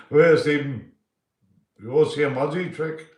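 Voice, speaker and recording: Medium-pitched and echoing a bit, a male streamer keeps things loose as he calls out viewers by name. His talk is sweary and sprinkled with "mate".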